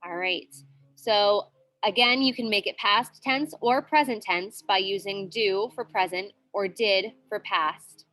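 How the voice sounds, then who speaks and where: In a classroom, a woman with a medium-pitched, sharp voice teaches a grammar lesson at a slightly slow pace. She is patient and repetitive, checking in with students often by asking "okay?"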